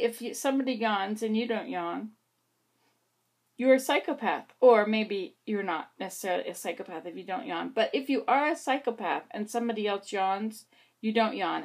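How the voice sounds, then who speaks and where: A woman vlogging to camera, chatting in a rambling, meandering way with little asides to herself. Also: medium pitch. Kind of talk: casual chat to camera. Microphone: camera facing her like a mirror.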